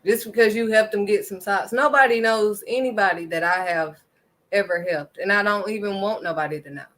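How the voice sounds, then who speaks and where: A woman's voice: medium pitch, fairly quick, fairly bright tone. A woman giving an impassioned faith talk to her viewers, emphatic and preachy, driving points home with a firm "period.". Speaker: faith vlogger.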